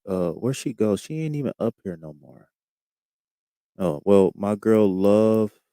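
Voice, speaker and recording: A man's voice: deep voice, warm tone, clear, resonant tone, no room sound. A man hosting a live tarot stream, chatting casually in a laid-back, slangy way and reading out viewers' comments.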